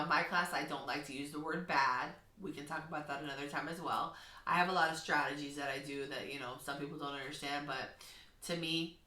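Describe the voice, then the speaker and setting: A kindergarten teacher with a low voice speaks earnestly and encouragingly in a heartfelt talking-to-camera vlog, gently instructive in tone. The mic is distant and the room echoey.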